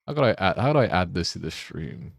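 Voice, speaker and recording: A man streaming a game, chatting casually, joking and laughing often, and getting excited as he rambles. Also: deep voice, quick pace, creaky, dry recording, clean studio sound. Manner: gets excited and rambling when riffing. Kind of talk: casual live-stream chat while gaming.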